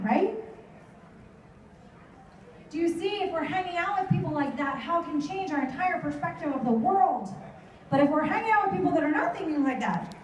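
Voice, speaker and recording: Very high-pitched, a middle-aged woman delivers a motivational talk before a live audience, spinning animated stories and voicing her kids. She's captured far from the mic in an echoey hall, with slight background noise.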